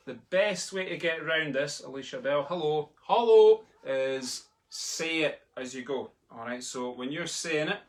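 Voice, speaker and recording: A man's voice: a little high, bright, forceful tone. Man teaching drums over noise. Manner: chatty, chants the sticking aloud while playing. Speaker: drumming tutor. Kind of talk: live online drumming lesson. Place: home room. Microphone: laptop in front of him. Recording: noisy, with drumstick clicks behind.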